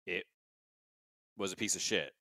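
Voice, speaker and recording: A man's voice: low-pitched, a little slow, pushed and bright, no room sound, studio quality, heavily acted. A man playing a pushy, upbeat corporate-type character in a tabletop game, talking in a motivational pep-talk manner.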